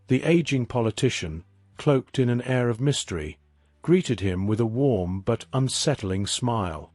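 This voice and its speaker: A man giving a scripted story narration in a measured, even reading. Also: mid-range voice, dry recording.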